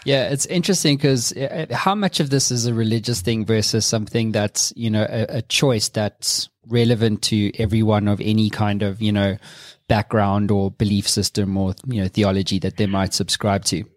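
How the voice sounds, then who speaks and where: A man's voice: fairly low pitch, steady tone, normal speed, no room sound, clean studio sound. A man hosting a podcast, talking in a hesitant, reflective way with many fillers. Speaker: podcast host. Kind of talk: casual podcast conversation.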